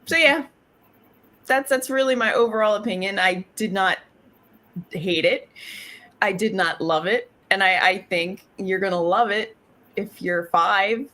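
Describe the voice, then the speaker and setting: A woman's voice: medium pitch, a little slow, bright, forceful tone. Rambling woman chatting about movies. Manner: rambling, heavy use of "like" and "um". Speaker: podcast co-host. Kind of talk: casual movie review chat.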